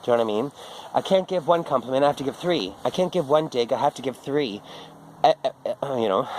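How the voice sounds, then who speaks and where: A man's voice: mid-range voice, brisk, a little hiss or hum, low-quality recording. A middle-aged man, rambling through a casual, profane monologue full of restarts and asides. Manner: rambling, profane, self-interrupting. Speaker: vlogger.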